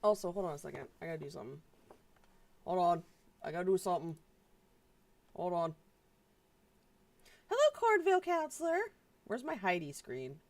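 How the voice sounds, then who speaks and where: A woman's voice: fairly low pitch, lively intonation, fairly quick, creaky, pauses often, a little mellow. Woman streamer, casual live chat; rambly, filler-laden, swears freely, trips over her own restarts.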